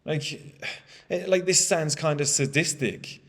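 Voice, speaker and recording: A man's voice: a little high, slow pace, gravelly, big-room sound. A man in his thirties giving a candid motivational monologue, blunt and swearing freely. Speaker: motivational speaker.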